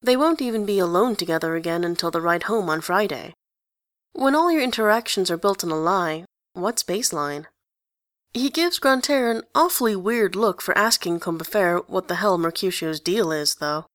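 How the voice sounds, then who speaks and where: A woman narrating a story in an even, conversational way. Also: fairly low pitch, normal speed, dry recording, studio quality. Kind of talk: story reading.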